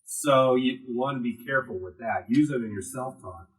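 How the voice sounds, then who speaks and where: A man's voice: mid-range voice, moderate pace, rough recording. A man teaching a class to a live audience, talking with strongly varied emphasis and casual asides.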